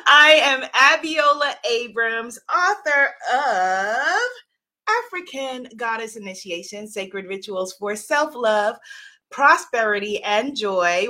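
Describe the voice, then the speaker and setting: A woman's voice: fairly high pitch, pushed and bright. A woman hosting a live stream as an author, chatting effusively with viewers, greeting commenters by name and laughing often. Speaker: livestream host and author.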